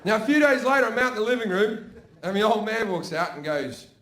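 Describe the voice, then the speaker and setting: Man, middle-aged, stand-up comedy, profane, conversational, high-pitched voice. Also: animated, fairly quick, fairly bright tone, a faint crowd. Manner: profane, conversational, keeps asking "right?". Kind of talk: stand-up routine.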